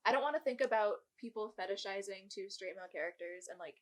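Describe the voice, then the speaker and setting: A woman's voice: medium pitch, fast. A woman in her twenties co-hosting a podcast, talking bluntly and casually, with lots of "like" fillers. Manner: blunt, chatty, filler-heavy. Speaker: podcast co-host. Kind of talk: casual chat.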